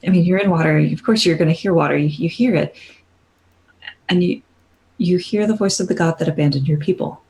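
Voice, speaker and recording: A woman with a somewhat low voice, running a tabletop roleplaying game. She explains the rules and narrates scenes slowly and haltingly. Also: darkish tone, rough recording. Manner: slow, halting descriptive narration. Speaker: game master.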